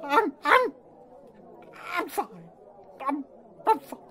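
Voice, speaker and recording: A man voicing a neurotic, foul-mouthed male turkey puppet with a shrill, nasal, high-pitched voice. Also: animated, takes it slowly, full character voice. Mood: despairing. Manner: melodramatic, swearing, swings to shouting. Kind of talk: puppet comedy sketch.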